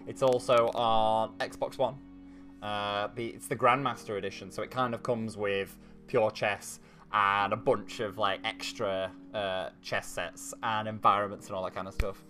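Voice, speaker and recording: A man's voice: on the low side, flat delivery, normal speed, pushed and bright, soft background music. A man hosting a chess livestream, chatty and joking, with lots of fillers. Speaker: stream host.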